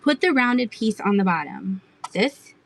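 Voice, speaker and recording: A woman's voice: mid-range voice, sing-song, a little slow, vocal fry, rough recording. Chatty, giggly middle-aged woman seller. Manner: chatty and giggly, talks to viewers in the chat. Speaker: live-stream auction seller. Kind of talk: casual live-selling chat.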